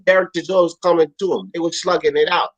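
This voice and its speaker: A man's voice: fairly high pitch, fairly even intonation, fast, rough recording. A man co-hosting a casual boxing talk show, emphatic and insistent, swearing as he makes his case. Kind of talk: casual sports debate.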